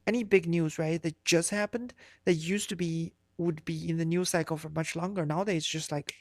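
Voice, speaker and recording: A woman's voice: fairly low pitch, fairly even intonation, a little fast, darkish tone, no room sound, clean studio sound. A woman streamer chatting casually on a live stream, rambling and swearing, with many fillers and restarts.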